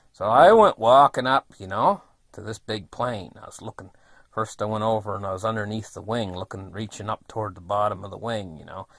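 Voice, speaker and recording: A man's voice: lowish voice, dry recording, studio quality. A man in his fifties telling a long childhood story in a rambling, folksy way, with many fillers. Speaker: vlogger. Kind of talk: casual storytelling.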